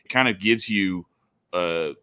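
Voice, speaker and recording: A man's voice: low voice, a little slow, pushed and bright, no room sound. A man hosting a casual podcast, talking in a rambling way with many restarts. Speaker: podcast host.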